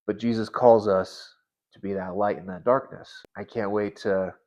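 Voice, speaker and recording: A man in his thirties sharing a personal faith story in an earnest, halting way, often restarting his words. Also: on the low side, fairly even intonation, a little mellow, dull audio. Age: 30s. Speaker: Christian vlogger.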